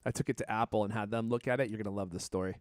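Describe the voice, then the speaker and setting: A man's voice: on the low side, fairly even intonation, rapid-fire, a little mellow, dry recording, studio quality. A man hosting a casual live-streamed tech podcast, joking around and reading out viewer comments. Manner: jokey, reads out viewer comments. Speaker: podcast host.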